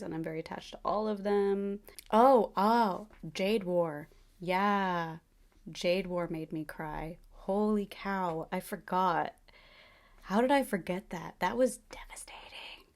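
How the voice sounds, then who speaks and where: A woman in a casual, animated chat to camera as a book reviewer, gushing over her favourite reads. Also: lowish voice.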